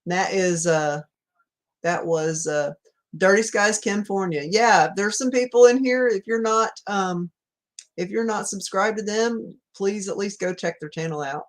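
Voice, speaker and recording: A woman's voice: mid-range voice, a little slow. Chatty Southern woman hosting a livestream. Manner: chatty, rambling, laughs often, reads viewer comments aloud. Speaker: livestream host. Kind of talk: casual livestream chat. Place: home room at night.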